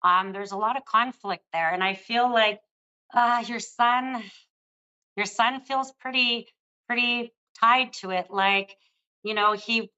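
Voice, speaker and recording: A woman's voice: a little high, pushed and bright, lo-fi sound. An older woman giving a psychic reading on a live show, speaking in a soothing, affectionate way to a caller. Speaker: psychic reader.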